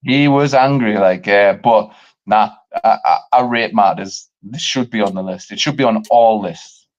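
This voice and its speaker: A man's voice: fairly low pitch, normal speed, muffled recording. A man co-hosting a casual chat show, talking with passion, rambling and swearing freely. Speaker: podcast co-host.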